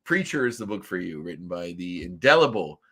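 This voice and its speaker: A man's voice: sits low, sing-song, a little fast, fairly bright tone, slightly rough. A man from Nova Scotia co-hosting a casual review podcast, rambling with many ums and restarts. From Canada, Nova Scotia. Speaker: podcast co-host.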